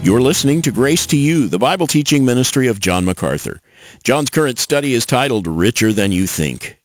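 A man's voice: mid-range voice, sing-song, fairly quick. A man announcing a Bible teaching radio program, reading a script in a conversational, friendly way.

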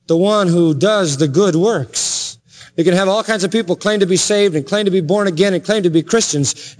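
A man preaching a sermon from the pulpit, building passionately to emphatic high peaks. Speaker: pastor. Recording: long hall reverb with faint music.

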